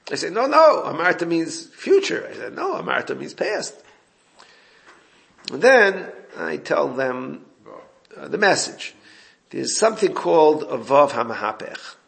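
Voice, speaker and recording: A man's voice: on the high side, creaky, a bit bright. A man giving an informal Torah class, explaining a text and recounting exchanges with his students. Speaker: Torah teacher.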